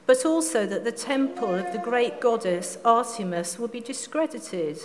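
A woman's voice: on the high side, lively intonation, moderate pace, natural voice. A woman reading aloud the words of a male silversmith stirring up fellow craftsmen, in a voice close to her own. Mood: indignant. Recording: long reverb, faint background noise.

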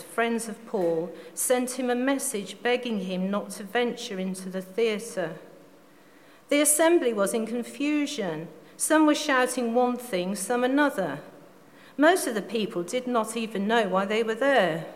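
A woman reading scripture aloud in a steady, measured way, now and then stumbling and restarting a word. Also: fairly high pitch. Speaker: scripture reader. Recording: long reverb, faint background noise.

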